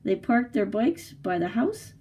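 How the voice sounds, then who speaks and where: A woman librarian reading a picture book aloud for storytime, slow and expressive. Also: mid-range voice. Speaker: youth services librarian.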